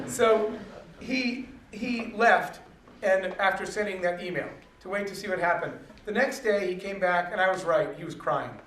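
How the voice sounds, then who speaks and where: High-voiced man telling stories in an echoey hall. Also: measured pace, fairly bright tone. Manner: storytelling, acting out quoted dialogue. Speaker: speaker. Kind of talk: motivational talk to an audience. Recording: echoey hall from far off, faint noise.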